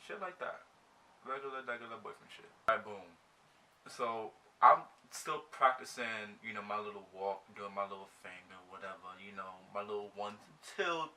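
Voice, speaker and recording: A young man telling a breakup storytime while getting ready, animated and slangy, acting out his own reactions. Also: mid-range voice, moderate pace, far from the mic. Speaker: vlogger.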